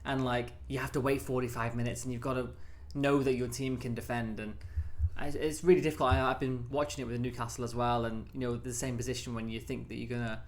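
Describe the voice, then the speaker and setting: A man's voice: medium pitch, level tone, fast. A young man co-hosting a casual podcast, chatting and asking follow-up questions. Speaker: podcast co-host. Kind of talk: casual chat.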